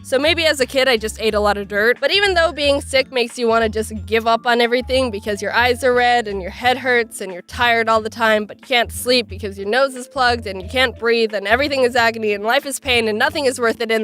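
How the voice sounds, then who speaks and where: A woman with a stuffy, nasal voice from a cold, narrating her animated video with sarcastic, self-mocking humor. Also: a little high. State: sick with a stuffy nose. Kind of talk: scripted comedic narration.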